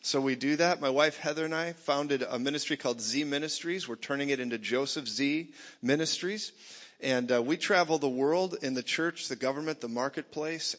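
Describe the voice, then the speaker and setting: A man preaching a lively sermon to a church gathering, joking with the crowd and rising to shouts. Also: mid-range voice. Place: church meeting hall. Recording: dull sound in a reverberant hall.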